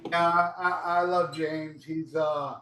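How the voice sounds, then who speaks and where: A man's voice: fairly high pitch, fairly even intonation, a little slow, reverberant, background noise. A man co-hosting a podcast, rambling in an easygoing way and turning emphatic when making a point. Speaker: podcast co-host, YouTuber. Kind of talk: casual podcast chat.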